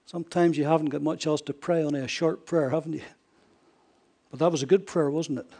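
Man preaching with dramatic hushed drops. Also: fairly high pitch, fairly even intonation, a little fast, creaky, husky. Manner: dramatic swings from raised emphasis to hushed near-whisper; frequent rhetorical questions to the congregation. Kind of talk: sermon.

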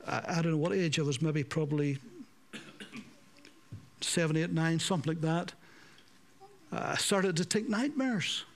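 Male preacher, fairly high voice, unhurried, dramatic rises and hushed drops. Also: vocal fry, slight background noise. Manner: dramatic swings between raised emphasis and hushed, slowed delivery. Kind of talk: sermon.

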